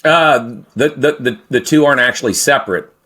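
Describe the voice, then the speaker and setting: A man's voice: medium pitch, fairly quick, bright, forceful tone, slightly rough. A middle-aged man telling a story to podcast hosts in a rambling, profane way, stopping and restarting often. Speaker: podcast guest. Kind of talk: casual storytelling.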